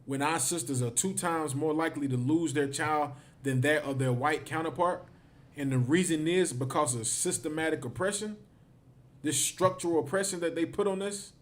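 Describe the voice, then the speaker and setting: A man's voice: a little high, moderate pace. Emphatic man teaching a class. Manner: emphatic, repeats himself, ends phrases with "man". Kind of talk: livestreamed teaching.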